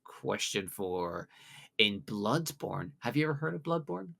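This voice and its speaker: A man's voice: fairly high pitch, expressive, gravelly, pushed and bright. British man hosting a jokey quiz. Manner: jokey, reads questions with drawn-out pauses. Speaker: quiz host. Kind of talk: casual podcast quiz hosting.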